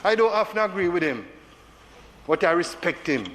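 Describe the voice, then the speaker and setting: A man's voice: high-pitched, expressive, moderate pace, a bit bright. A man with a Jamaican accent giving an emotional parliamentary speech as a senator, repeating phrases for emphasis in a large chamber. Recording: reverberant chamber with faint background noise.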